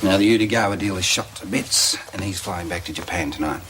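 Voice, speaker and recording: An actor playing a driven, shady businessman in a 1980s TV soap, brisk and fawning on the phone. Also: low-pitched, heavy background noise, natural voice. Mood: tense. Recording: soap clip with music behind.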